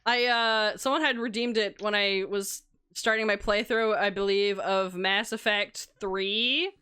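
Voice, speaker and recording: A woman's voice: mid-range voice, fairly even intonation, a little slow, pushed and bright, clean tone. A woman streamer talking through a voice changer that makes her sound like an old woman, chatting casually, swearing and laughing as she codes. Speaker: streamer and game developer. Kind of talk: casual live-stream chat while coding. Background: faint background music.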